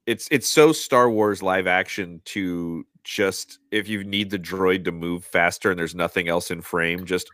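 Low-voiced man, dry close sound. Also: steady tone, fairly bright tone, no echo. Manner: measured, thoughtful, stumbles on repeated words. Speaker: podcast co-host. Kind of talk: casual fan chat.

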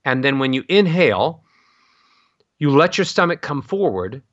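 A middle-aged man coaching on voice, talking expressively and swooping his pitch up and down to show melody. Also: big pitch swings, normal speed, a bit bright, no room sound, highs cut off. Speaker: vocal coach. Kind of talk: expressive instructional talk with sung-like demonstrations.

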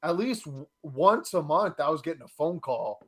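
Young male guest, high-ish voice, mumbly and giggly storyteller. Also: lively intonation, normal speed. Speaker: podcast guest. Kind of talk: casual chat.

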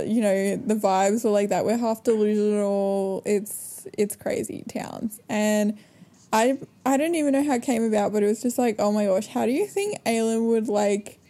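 A woman's voice: medium pitch, mellow. A young woman co-hosting a podcast, chatting casually and giggling with lots of fillers. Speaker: podcast co-host. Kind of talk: casual chat.

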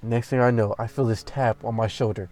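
A man's voice: medium pitch, steady tone, brisk, dark tone. A young man telling a story in a casual, profane, exasperated rant full of slang.

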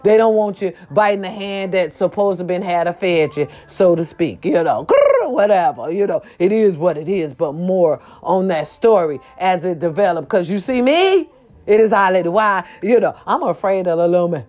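A woman hosting a casual celebrity gossip chat, sassy and animated, repeating her catchphrases, with a sore throat. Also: on the low side, normal speed, muffled recording. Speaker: gossip vlog host.

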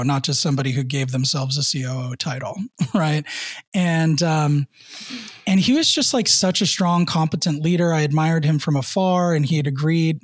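A man's voice: on the high side, dry recording, clean studio sound. Earnest man telling a personal story. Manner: earnest, frequent fillers and soft laughs. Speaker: podcast co-host.

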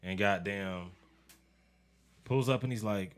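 Animated young man telling a story. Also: fairly low pitch, normal speed, pauses often. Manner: animated storyteller, acts out quotes, laughs often. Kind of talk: casual storytelling chat.

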